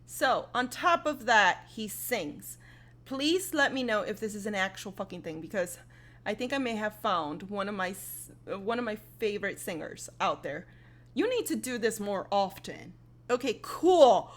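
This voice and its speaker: A woman hosting a casual reaction video, excitable and rambling, swearing freely with lots of fillers. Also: medium pitch, normal speed.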